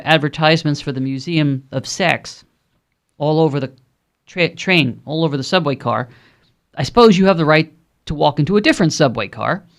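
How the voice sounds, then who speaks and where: A man with a Brooklyn accent hosting a call-in radio talk show, speaking in a conversational, rambling way with frequent ums and uhs. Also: on the high side. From Brooklyn, New York.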